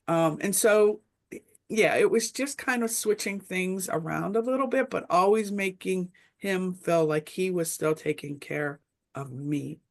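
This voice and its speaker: A woman's voice: fairly low pitch, a little slow. A middle-aged woman speaking as a webinar panelist, telling a reflective story in a casual discussion, with many fillers.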